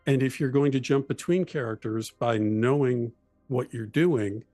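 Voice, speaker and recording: A man in casual chat about tabletop role-playing, animated, explaining and acting out voices. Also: medium pitch, a little slow, dry recording, faint music behind.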